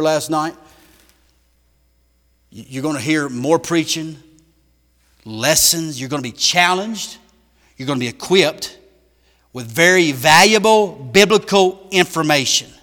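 Emphatic preacher in echoing church. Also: male voice, a little high, fairly bright tone. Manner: emphatic preaching with big swings in volume. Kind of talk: sermon.

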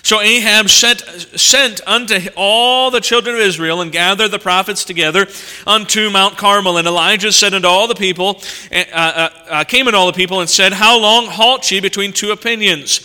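Speaking at normal speed, a preacher reads scripture and breaks off to comment in an expository sermon. His high, smooth voice shifts animatedly from forceful emphasis to hushed asides, and every phrase echoes with the long reverb of a large church.

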